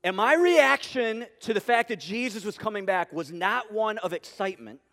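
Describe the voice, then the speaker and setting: A man preaching a sermon in an animated, humorous, conversational way, full of rhetorical questions to his congregation. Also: high-pitched, moderate pace. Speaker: pastor. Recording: long hall reverb.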